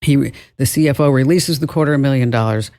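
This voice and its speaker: A man's voice: medium pitch, fast, darkish tone. A man hosting a call-in radio show about technology, talking conversationally and often restarting his phrases. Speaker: radio tech show host. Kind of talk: call-in radio talk and tech tips.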